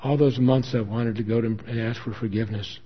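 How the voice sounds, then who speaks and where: A man's voice: mid-range voice, fairly even intonation, quick pace, breathy edge, close to an everyday voice. A man voicing a distraught young woman who pleads on the phone, close to sobbing, in a story reading. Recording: dull lo-fi recording.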